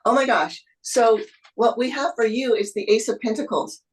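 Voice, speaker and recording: A woman's voice: on the high side, normal speed, rough recording. A woman tarot reader giving an intuitive reading over a video call, soothing and encouraging, with spiritual phrasing.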